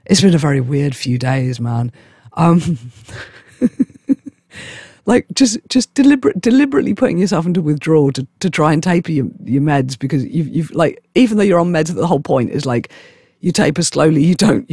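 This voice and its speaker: A man with a hoarse voice from a chest infection rambles to camera with giggles and stammering restarts. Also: on the high side, dark tone, dry recording, studio quality. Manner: giggly, stammering, self-mocking. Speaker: vlogger. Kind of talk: rambling casual monologue.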